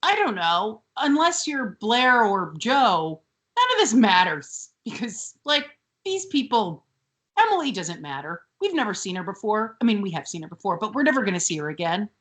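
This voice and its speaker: A woman co-hosting a podcast, chatting casually and telling stories with animated put-on voices for the people she quotes. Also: mid-range voice, normal speed. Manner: animated storytelling, acts out quotes in other voices. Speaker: podcast co-host. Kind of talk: casual chat.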